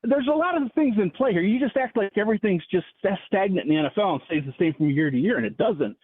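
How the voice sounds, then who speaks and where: A man's voice: high-pitched, lively intonation, quick pace, husky, no echo. A man calling in to a sports radio show, ranting with heavy sarcasm. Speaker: caller. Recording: phone line.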